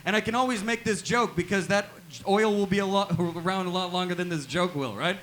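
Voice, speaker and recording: A man performing a stand-up comedy set in a small live venue, delivering deadpan one-liners and tagging nearly every line with "right?". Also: high voice, fairly quick.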